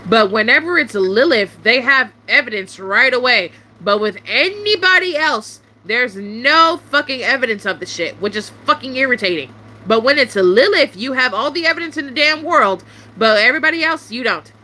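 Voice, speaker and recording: A young woman venting to camera in a casual monologue, irritated and swearing often, with sharp rising outbursts. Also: fairly high pitch, lively intonation, moderate pace.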